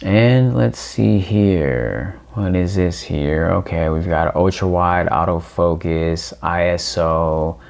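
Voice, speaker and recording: A man's voice: deep voice, slow pace, creaky. A man giving a casual unboxing walkthrough, reading on-screen prompts aloud and talking to viewers as ladies and gents. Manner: reads on-screen prompts aloud, thinking out loud. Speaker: tech reviewer.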